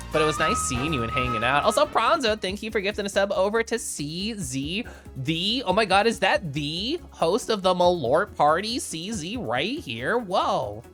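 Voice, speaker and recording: A woman's voice: low-pitched, a bit bright. A woman streamer chatting casually on a live stream, bubbly and giggly, greeting viewers by name. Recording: faint music behind.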